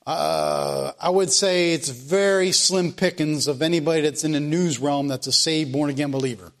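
A man with a high-pitched voice preaches a sermon. He puts questions to his listeners and answers them himself. He also reads scripture aloud. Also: moderate pace, a bit bright. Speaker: pastor.

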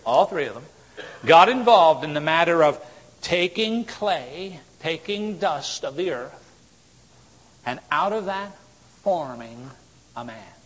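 A man preaching a sermon, swinging from loud exhortation to low, intense tones. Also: breathy edge. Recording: long hall reverb.

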